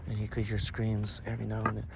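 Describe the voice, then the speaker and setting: A man telling an improvised story in a casual way, swinging between loud bursts and near-whispers. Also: fairly low pitch, completely flat delivery, fast, vocal fry, dull audio. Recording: noisy background.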